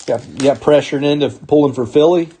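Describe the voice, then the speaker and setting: A man's voice: on the high side, background noise. Upbeat man calling out card pulls. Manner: upbeat, calls out names in quick bursts, chuckles often. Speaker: sports card break host. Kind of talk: live card-opening commentary.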